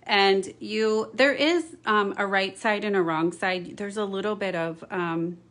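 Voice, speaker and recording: A woman's voice: mid-range voice, a little slow, a bit bright. A middle-aged woman chatting through a card-making tutorial, with apologetic asides and frequent "okay?" check-ins. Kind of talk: casual craft tutorial.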